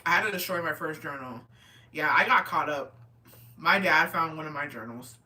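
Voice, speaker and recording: Profane bright-voiced woman telling stories. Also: deep voice, normal speed, recorded from a distance. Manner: profane, animated, reacting to chat. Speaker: streamer reading chat. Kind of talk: casual storytelling chat.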